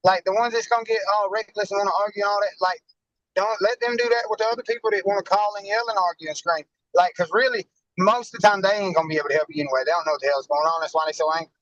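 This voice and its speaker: A man's voice: high voice, racing, fairly bright tone, no echo, muffled recording. A man in casual conversation, laid-back and a bit profane.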